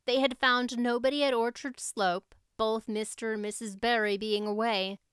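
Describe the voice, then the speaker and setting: Woman narrating a classic novel, crisp. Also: a little high, steady tone, moderate pace, a bit bright, no echo, clean studio sound. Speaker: audiobook narrator.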